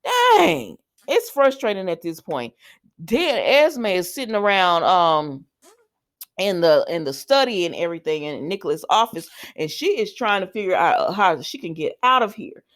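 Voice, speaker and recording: A woman's voice: lowish voice, moderate pace, dry recording, clean studio sound. Chatty, opinionated woman reviewing a soap. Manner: opinionated, animated, talks straight to viewers. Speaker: soap opera recap vlogger. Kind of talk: casual chatty recap.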